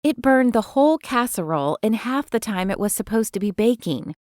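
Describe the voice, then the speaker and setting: A woman's voice: on the high side, expressive, a little fast, darkish tone, no room sound, studio quality, natural voice. A woman narrator voicing a sweet, easily flustered young woman in an audiobook. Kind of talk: audiobook character voice.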